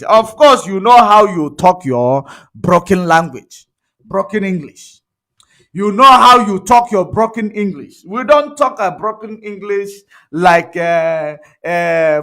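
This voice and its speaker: A man's voice: high voice, sharp tone. A man with a Nigerian accent giving an emphatic political commentary monologue, repeating points for effect. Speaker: online commentator.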